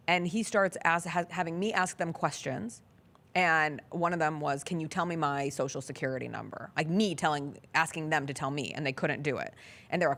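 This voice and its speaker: Low-voiced woman telling a story. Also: brisk, a bit bright. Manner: earnest storytelling, acts out quoted dialogue. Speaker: sports talk show host. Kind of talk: casual chat.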